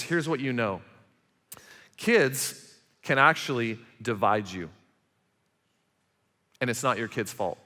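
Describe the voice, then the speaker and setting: A man in his forties preaching a sermon as pastor, emphatic and animated, acting out quarrels between parents. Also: mid-range voice. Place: church auditorium. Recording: large hall reverb.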